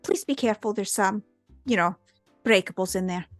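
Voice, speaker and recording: A woman's voice: medium pitch, normal speed, no echo, faint music behind, lightly acted. A woman voicing a polite young female doctor in a tabletop game, speaking hesitantly and courteously.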